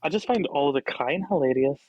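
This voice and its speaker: A man's voice: fairly high pitch, lively intonation, fairly quick, darkish tone, no echo, lo-fi sound. Giggly British man, dry close sound. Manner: giggly, playful, acts out quotes. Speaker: guest co-host. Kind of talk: casual podcast chat.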